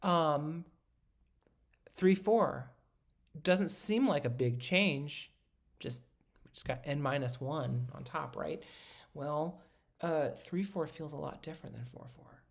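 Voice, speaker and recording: Instructor talking through notation on video, relaxed and halting, with a fry in the voice. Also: medium pitch. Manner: casual and patient, many ums and self-corrections. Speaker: music instructor. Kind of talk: recorded lecture, talking while drawing notation.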